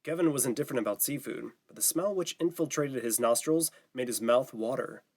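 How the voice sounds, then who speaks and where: A man narrating an audiobook in a steady, even reading style. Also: medium pitch, fairly quick. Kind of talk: scripted narration.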